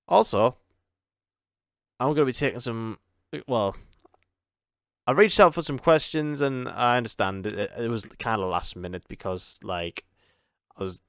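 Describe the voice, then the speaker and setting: A man's voice: fairly low pitch, clear, resonant tone, no echo, studio quality. A young man, hosting a solo podcast in a casual, rambling way, repeating words and laughing often. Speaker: podcast host.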